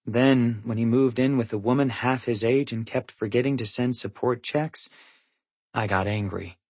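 A man reading a first-person audiobook, in a measured, somber manner. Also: mid-range voice, a little mellow, breathy edge, no room sound. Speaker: audiobook narrator.

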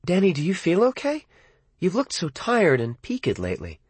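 A man's voice: high-pitched, wildly swooping pitch, moderate pace, slightly rough, no room sound, voice pushed up, exaggerated voice. A man voicing a doting, worried middle-aged mother in an audiobook, asking anxious motherly questions. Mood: fussing. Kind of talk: audiobook character voice.

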